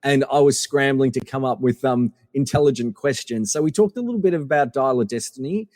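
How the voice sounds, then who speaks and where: Man from Australia, middle-aged, casual interview storytelling, fillers and restarts, medium pitch, long reverb. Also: a little fast, studio quality. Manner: animated anecdotes with many fillers and restarts. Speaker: podcast guest.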